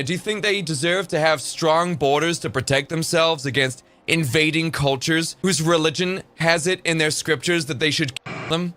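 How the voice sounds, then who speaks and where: A man, an online commentator, reading news aloud and cutting in with sarcastic, mocking remarks. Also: moderate pace. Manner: sarcastic, mocking, swings into high shouted bits.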